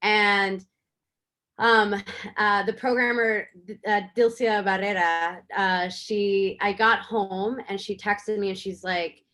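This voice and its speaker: A woman's voice: mid-range voice, slow pace. Chatty woman filmmaker telling a story. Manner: animated, chatty with many fillers. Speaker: filmmaker guest. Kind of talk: casual interview storytelling.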